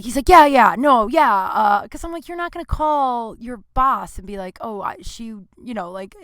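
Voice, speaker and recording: A woman in her thirties talks frankly and casually, swearing freely and acting out the people she quotes. Her voice sits at a middle pitch. It is recorded dry and close, with no room sound. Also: no echo. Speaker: podcast host. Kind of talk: casual monologue. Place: small home studio.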